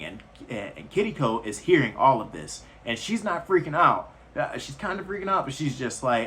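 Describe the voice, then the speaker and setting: A man's voice: mid-range voice, big pitch swings, normal speed, few pauses, sharp tone. A man casually retelling a film's plot in a loose, rambling way with slangy asides. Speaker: movie reviewer.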